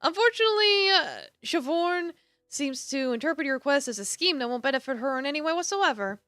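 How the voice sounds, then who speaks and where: A woman's voice: sits high, animated, a little fast, fairly bright tone, dry recording, studio quality. A woman streaming a game, reading its narration aloud with a playful, self-mocking manner. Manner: playful, self-mocking, laughs at her own voices. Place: home streaming setup.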